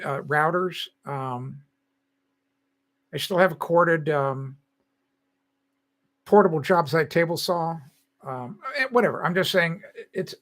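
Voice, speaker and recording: A man's voice: a little high, a bit bright. An older man hosting a live stream, chatting casually with viewers in a rambling way and laughing often.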